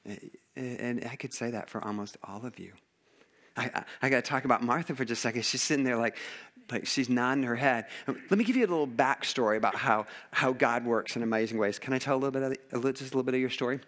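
A man's voice: medium pitch, quick pace. A male pastor preaching a sermon in a church, telling stories with lots of acted-out quotes and laughter. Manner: storytelling, animated, acts out quotes, laughs often.

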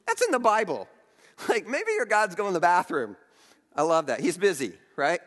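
A man's voice: sits high, normal speed, long reverb tail. A man preaching a storytelling sermon, retelling and reading scripture with many restarts. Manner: animated, restarts often, reads scripture aloud. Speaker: pastor.

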